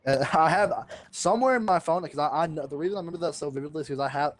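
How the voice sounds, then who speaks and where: A man's voice: on the high side, very fast, no room sound. A young man co-hosting a casual podcast, rambling through school stories with lots of "like" and restarts. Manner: rambling, full of "like" and restarts, laughs often. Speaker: podcast co-host. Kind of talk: casual storytelling chat.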